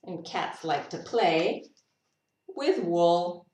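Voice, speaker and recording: A woman's voice: fairly low pitch, very slow, darkish tone. A woman teacher reading a picture book aloud to children, playfully making animal noises in a spontaneous, unrehearsed way. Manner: spontaneous and unrehearsed, with laughs and musing asides. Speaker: English teacher. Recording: roomy echo, voice from a distance.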